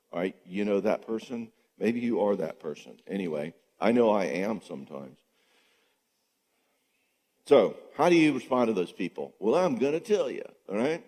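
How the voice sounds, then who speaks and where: A man whose voice runs on the low side talks at a moderate pace as a counselor at a church marriage conference, facing an audience in the sanctuary. Conversational and casual, he keeps asking "okay?" and "all right?" and voices quoted people with lively flair. The recording carries the long reverb of a large church hall.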